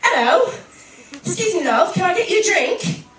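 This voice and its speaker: A woman's voice: very high voice, sing-song, normal speed, a bit bright, slight background noise, pitched above the performer's own voice, exaggerated voice. A woman doing a flirty Australian bar guy. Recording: roomy comedy club from a distance.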